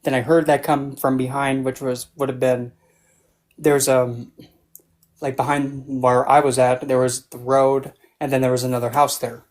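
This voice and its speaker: A man's voice: medium pitch, little pitch movement, moderate pace, darkish tone. Man, guest author, casual livestream chat, meandering storyteller who loses and finds his thread. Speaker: book club guest and author.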